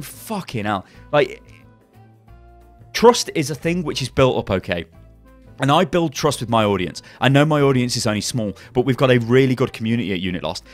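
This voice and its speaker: A man hosting a gaming channel, ranting angrily with heavy swearing and frequent restarts. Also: medium pitch. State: angry. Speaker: YouTube gaming channel host. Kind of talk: angry commentary video.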